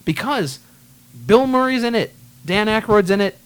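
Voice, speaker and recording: A man's voice: high voice, lively intonation, moderate pace. A man hosting a casual movie chat, ranting bluntly and swearing freely. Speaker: podcast host.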